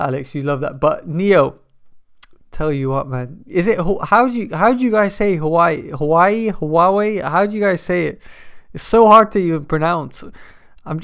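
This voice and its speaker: A man talking casually on a stock market livestream, his voice pitched a little high with a gravelly edge. He rambles and restarts phrases as he reacts to viewer comments. The tone underneath is clear and smooth. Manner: chatty, loose and rambling, often restarts phrases while answering viewer chat.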